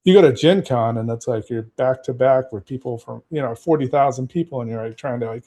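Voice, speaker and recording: An American man, a game master and guest on a podcast, talks casually about running games and rambles with lots of fillers and restarts. His voice is medium-pitched and dark, and he speaks fairly quickly.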